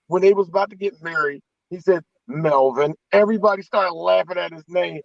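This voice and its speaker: High-pitched dude riffing on a movie podcast, dull lo-fi sound, dry. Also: male voice, fast talker, gravelly, dry recording. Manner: animated, profane, jumps into impressions. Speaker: podcast co-host. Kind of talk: casual movie review chat.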